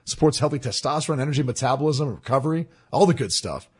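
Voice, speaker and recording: Husky guy on sports radio doing a quick jokey ad read. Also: mid-range voice, animated, a little mellow. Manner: casual, joking, storytelling. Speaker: sports radio co-host reading an ad.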